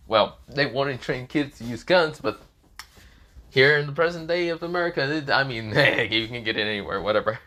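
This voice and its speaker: A man's voice: medium pitch, sharp tone. Rambling man improvising a story. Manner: rambling, many fillers and restarts. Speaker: fan fiction storyteller. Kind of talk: improvised casual story narration.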